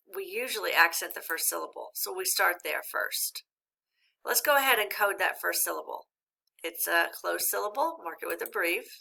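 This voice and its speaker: A woman teacher giving a recorded reading lesson, speaking slowly and clearly and encouraging young learners. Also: mid-range voice, sharp tone.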